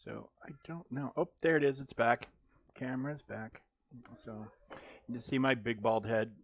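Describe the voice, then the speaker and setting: A man's voice: mid-range voice, normal speed, no room sound, highs cut off. A man streaming a mobile game live, chatting casually and joking, rambling with frequent ums and restarts.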